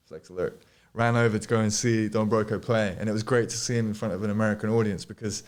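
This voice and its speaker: A man's voice: on the low side, little pitch movement, fast talker. Swearing, rambling man telling tour stories. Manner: swears freely, rambling anecdotes with laughs. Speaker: podcast guest DJ. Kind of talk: casual chat.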